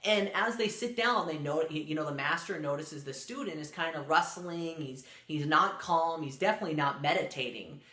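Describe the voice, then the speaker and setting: Man, storyteller, bright tone, loose rambling delivery, echoey room. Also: fairly high pitch, normal speed, hardly any pauses. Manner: loose and rambling, many fillers and restarts. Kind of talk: casual spoken storytelling.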